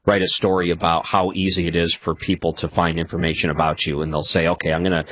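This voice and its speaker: A man with a deep voice hosts a late-night radio interview, recorded dry and close. He talks in a relaxed, conversational way and builds long, searching questions. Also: fast talker, dry recording. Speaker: radio talk show host.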